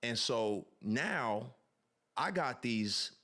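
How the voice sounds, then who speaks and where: A man in a mid-pitched voice tells personal stories on a podcast. He speaks earnestly and reflectively and grows animated as he retells scenes. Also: drawn-out words. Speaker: podcast guest. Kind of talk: reflective storytelling.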